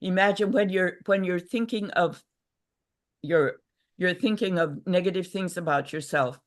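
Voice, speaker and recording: Older woman teaching gently on a video call. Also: fairly low pitch, measured pace. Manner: reflective, gentle, many restarts and acted inner voices. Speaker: workshop speaker. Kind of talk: casual teaching talk. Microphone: video call mic.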